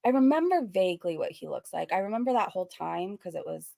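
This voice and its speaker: A woman's voice: on the low side, sing-song, fast, vocal fry, mellow, no echo, studio quality. A woman hosting a casual reaction commentary, sarcastic and laughing between remarks, with a self-described valley girl sound. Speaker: reaction channel host.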